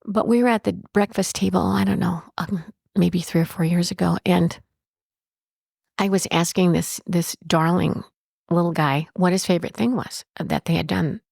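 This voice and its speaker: A woman's voice: fairly low pitch, fairly even intonation, moderate pace, vocal fry, darkish tone, slightly rough, no echo, clean studio sound. A woman who owns a bed and breakfast, telling stories in an interview in a chatty way, with frequent restarts. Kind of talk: storytelling in an interview.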